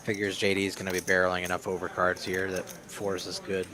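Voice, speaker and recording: Deep-voiced man analyzing poker hands. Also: brisk. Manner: relaxed, analytical, laughs easily. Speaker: poker co-commentator. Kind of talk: live poker commentary, casual banter. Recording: crowd noise behind.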